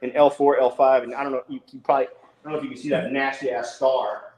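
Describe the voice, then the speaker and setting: Echoey, swearing male podcast guest. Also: fast talker. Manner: animated, swears freely, acts out quotes in a higher voice. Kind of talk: casual storytelling. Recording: roomy echo.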